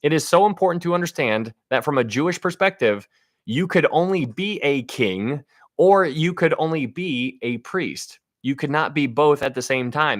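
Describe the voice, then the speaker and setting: A man's voice: medium pitch, dry recording, studio quality. A man giving a casual Bible teaching on a livestream, speaking to viewers with enthusiasm and frequent restarts.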